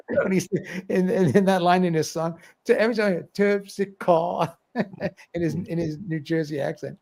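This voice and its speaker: A man's voice: high-pitched, moderate pace, a little mellow. A middle-aged man hosting a livestream, chatting casually, reading viewer comments aloud and laughing often. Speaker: livestream host.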